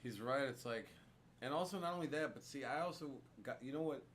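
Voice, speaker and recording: A man's voice: medium pitch, animated, fairly quick, fairly bright tone, slight background noise. A man co-hosting a casual podcast chat, rambling with lots of fillers and restarts. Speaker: podcast co-host. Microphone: studio microphone.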